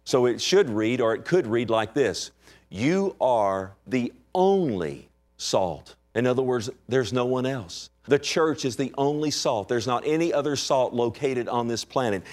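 A man's voice: mid-range voice, normal speed, darkish tone. A man, a pastor, preaching an emphatic sermon and asking the congregation for amens.

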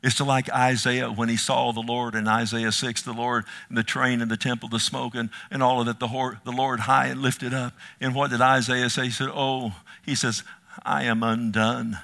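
Bright-voiced impassioned male preacher. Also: medium pitch, level tone, normal speed, gravelly. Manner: impassioned, rising to near shouts then dropping to hushed asides; addresses listeners as "loved one". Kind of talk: sermon.

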